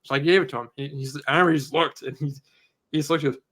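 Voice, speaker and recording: A man co-hosting a podcast, telling animated stories in casual chat and laughing often. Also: on the high side. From Canada. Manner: fast, animated, laughing storyteller. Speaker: podcast co-host.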